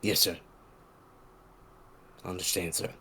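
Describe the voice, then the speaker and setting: A man with a fairly low voice voicing his tabletop character in short, clipped, deferential replies. Faint hiss sits under the home recording. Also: flat delivery, measured pace, sharp tone. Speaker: player. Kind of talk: playing a tabletop game.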